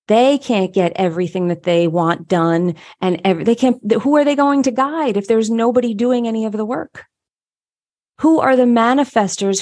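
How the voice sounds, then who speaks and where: A woman's voice: mid-range voice, darkish tone. A woman giving a motivational teaching talk, upbeat and emphatic, repeating phrases for stress. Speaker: human design teacher.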